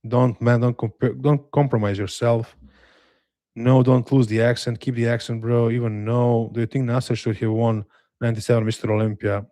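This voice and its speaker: A man with a Slavic accent hosting a live watch-along stream, reading chat aloud and answering in a relaxed, hesitant, self-deprecating way with dry humor. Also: on the low side, no echo. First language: a Slavic language. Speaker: livestream host reading chat.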